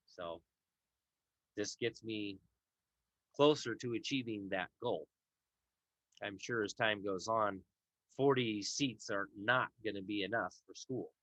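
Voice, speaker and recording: A tired, yawning man from Idaho, US, hosts a casual law livestream, reading viewer comments and rambling with many fillers and restarts. His voice is fairly low and fairly bright, in a dry recording with dull lo-fi stream audio.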